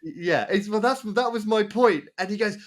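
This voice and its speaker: Animated man telling a story. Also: sits high, normal speed. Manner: animated, repeats himself and restarts often. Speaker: podcast co-host. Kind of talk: casual storytelling chat.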